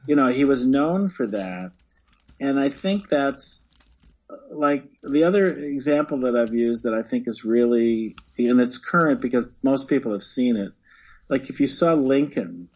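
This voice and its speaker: Male acting-teacher guest, husky, earnest and explanatory, muffled lo-fi sound. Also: mid-range voice, lively intonation, unhurried, darkish tone. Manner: earnest, explanatory, repeats words as he builds a point. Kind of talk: casual conversation.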